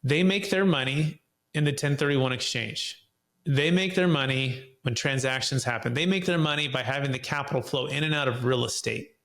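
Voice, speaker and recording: A man who is a podcast guest. He tells stories animatedly and acts out dialogue in lively voices. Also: medium pitch, moderate pace. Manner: repeats words when starting sentences. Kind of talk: animated storytelling.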